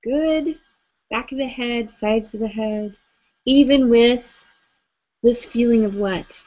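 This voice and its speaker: A woman leading a live tapping session, gently coaching listeners through phrases for them to repeat. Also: on the high side, steady tone, slow pace. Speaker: EFT tapping facilitator. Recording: slightly dull lo-fi audio.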